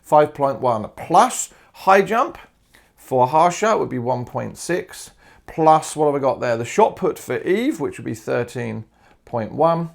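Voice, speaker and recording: A man's voice: a little high, very animated, unhurried, vocal fry. An Australian man, a maths teacher, chattily talking himself through exam solutions step by step with informal asides. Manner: casual asides and fillers like "all right" and "uh". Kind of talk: worked exam solutions, thinking aloud.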